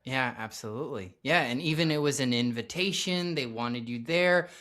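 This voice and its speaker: A man's voice: medium pitch, moderate pace, bright, forceful tone. A man hosting an interview, encouraging his guest with frequent short affirmations. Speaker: interview host. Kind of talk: conversational interview.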